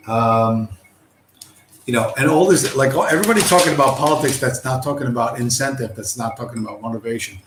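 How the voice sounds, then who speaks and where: A man's voice: mid-range voice, brisk, noisy background. A man hosting a livestream, ranting in a profane, scornful and combative way. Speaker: livestream host. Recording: roomy echo.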